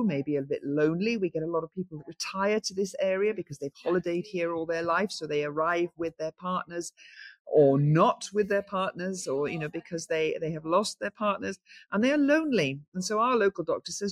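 A woman guest chatting in a lively, storytelling way, acting out the voices of people in her stories. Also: on the low side, no echo. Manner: animated storyteller, acts out quoted voices. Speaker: guest, founder of a cold water swimming group. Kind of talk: lively anecdotal conversation.

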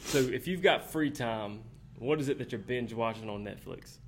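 A man's voice: mid-range voice, slight background noise. Easygoing man hosting an interview. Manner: relaxed, quick questions with short affirmations. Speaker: podcast host. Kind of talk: casual interview chat.

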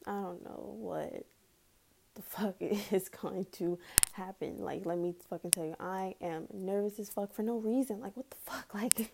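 A woman's voice: mid-range voice, a little slow, gravelly, noisy background. A woman ranting heatedly in a casual vlog, swearing often and breaking into nervous laughs.

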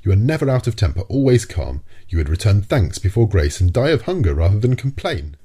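A man's voice: lowish voice, sing-song, brisk, mellow, slightly rough, pitched above the performer's own voice. A man voicing a burly, hot-tempered male harpooner who talks bluntly and impatiently.

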